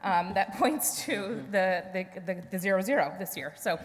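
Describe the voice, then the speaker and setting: A woman's voice: mid-range voice, normal speed. A woman chairing an event, thanking the speakers and opening questions in a friendly way. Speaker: event host, committee chair. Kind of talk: hosting a Q&A. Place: event hall. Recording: echoey hall with audience, faint hiss.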